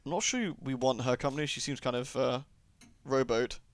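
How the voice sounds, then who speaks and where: A man's voice: medium pitch, normal speed. A young man giving chatty, joking commentary while playing a video game. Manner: joking, chatty, riffing asides. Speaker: let's play host. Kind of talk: casual gaming commentary. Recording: game sound behind the voice.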